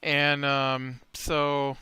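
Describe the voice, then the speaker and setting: A man's voice: mid-range voice, monotone, extremely slow, bright, forceful tone, clear, resonant tone, no echo. A man hosting a casual Minecraft let's play, rambling through a retold tabletop session with many fillers and restarts. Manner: retells a tabletop session while building. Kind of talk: casual game commentary and storytelling.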